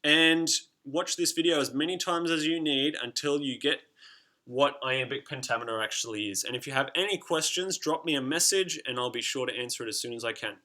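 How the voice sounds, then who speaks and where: A man teaching a recorded lesson to his students, lively and encouraging, who chants rhythms aloud as he explains. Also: mid-range voice, a little fast.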